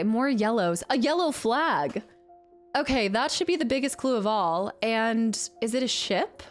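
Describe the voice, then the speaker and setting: A woman streamer chatting casually with her viewers, excitable and quick to squeal and laugh. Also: on the high side. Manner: excitable, squeals and laughs when opening gifts. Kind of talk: casual live-stream chat.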